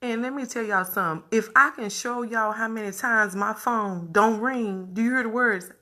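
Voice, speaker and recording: Woman vlogger, high and piercingly bright, emphatic, repeats herself, addresses viewers directly. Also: normal speed. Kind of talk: candid talk to viewers.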